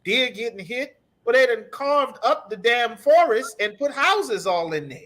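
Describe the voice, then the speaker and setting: A man's voice: extremely high pitch, expressive, a little slow, fairly bright tone. A man teaching a scripture class, ranting in an emphatic, profane, repetitive way. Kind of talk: heated scripture breakdown.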